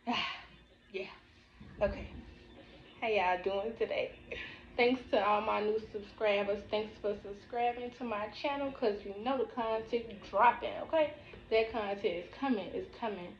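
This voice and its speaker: A playful woman talks slowly and loosely to her viewers as she eats on camera. She drags out words and repeats them in a sing-song way. The sound is a bit dull and echoey, with faint room ambience behind her. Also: medium pitch, steady tone, slight background noise. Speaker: mukbang vlogger. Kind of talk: casual eating vlog.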